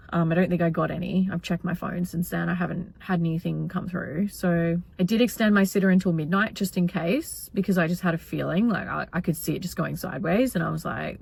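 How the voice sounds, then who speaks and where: A woman's voice: lowish voice, fairly even intonation, fairly quick, gravelly, no room sound. A young woman vlogging, venting in an agitated, rambling way with lots of swearing. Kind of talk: casual venting vlog.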